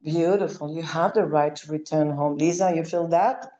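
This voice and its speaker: A woman leading a live spiritual clearing session, speaking in commanding incantations and soft, coaxing asides. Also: low-pitched, fairly even intonation, moderate pace, highs cut off.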